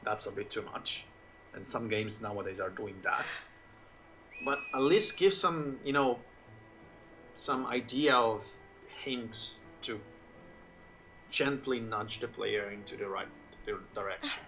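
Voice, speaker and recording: A man's voice: lowish voice, slow pace, bright, forceful tone, a little hiss or hum. A man whose first language is Italian, streaming a game and chatting casually in English in a rambling way. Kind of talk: casual gameplay commentary.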